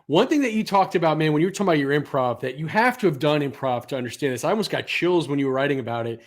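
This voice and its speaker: A man hosting a podcast, talking quickly and excitedly in casual chat, swearing freely. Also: on the high side. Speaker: podcast host.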